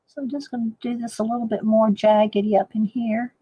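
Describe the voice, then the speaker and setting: A woman's voice: fairly high pitch, level tone, fairly quick, breathy edge, dry recording, muffled recording. A woman chatting casually to viewers while painting in a live art demo. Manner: chatty, laughs often, talks to viewers.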